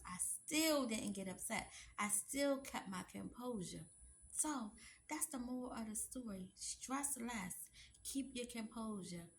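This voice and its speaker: Gravelly chatty woman vlogger. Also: medium pitch, a bit bright, slight background noise. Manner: chatty, emphatic, addresses viewers as y'all. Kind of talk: casual storytelling to viewers.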